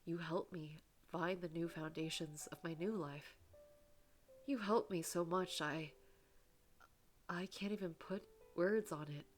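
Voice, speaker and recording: A woman reading the lines of a shy, gentle divorced man in a story game, speaking hesitantly with pauses and restarts. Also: sits low, steady tone, faint music behind. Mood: tender. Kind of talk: reading game dialogue aloud.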